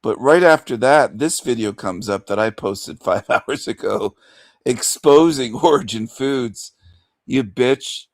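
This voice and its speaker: A man rants on his livestream with a gravelly, creaky voice at an unhurried, drawn-out pace. He taunts and insults, chuckling between his jabs, and the sound is close and dry. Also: medium pitch, animated, no echo. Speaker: livestream host. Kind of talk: livestream rant.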